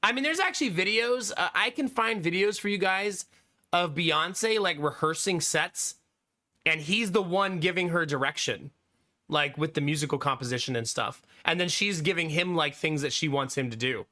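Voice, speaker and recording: A man's voice: fairly high pitch, moderate pace, sharp tone. A man in his thirties chatting casually on a live stream, laughing often and answering chat.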